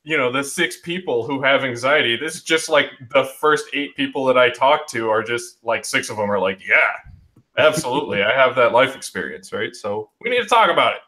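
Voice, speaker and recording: A young man hosts a casual group chat over a video call. He sounds reflective, circling his thoughts with ums and you-knows, and his pitch sits in the middle. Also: lively intonation, brisk, few pauses, pushed and bright. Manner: reflective, talks in restarts with um and you know. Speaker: host of an online group chat. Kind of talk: casual discussion.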